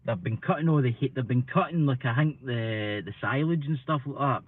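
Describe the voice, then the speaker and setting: A man's voice: mid-range voice, fairly quick, no echo. Scottish man, live-stream chatter, rambling, self-deprecating, slightly stuffy from hay fever, tinny phone-like audio. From Scotland. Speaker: paranormal channel live streamer. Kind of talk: casual live-stream chat. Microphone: computer mic. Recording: tinny phone-like sound, dry.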